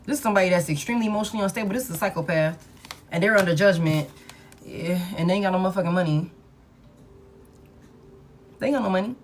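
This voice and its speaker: A woman with a fairly low voice reads tarot in a loose, conversational way. She is blunt and swears freely, repeating key lines over and over for emphasis. A faint background ambience sits under her voice. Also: quick pace, pauses often, a little hiss or hum. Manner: blunt, profane, emphatic repetition. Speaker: tarot reader. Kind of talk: casual collective tarot reading.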